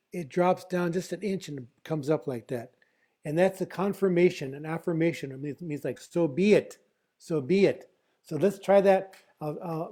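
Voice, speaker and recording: A man teaching a song over a video call, speaking in a halting way with many filler pauses. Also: a little high, warm tone. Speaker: flute player teaching a song.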